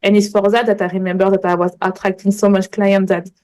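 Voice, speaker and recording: A woman's voice: mid-range voice, little pitch movement, fast, mellow, low-quality recording. A woman, a coach talking as a guest in a casual interview, telling earnest, rambling stories in English. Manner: earnest, rambling storytelling in non-native English. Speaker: manifestation coach, podcast guest.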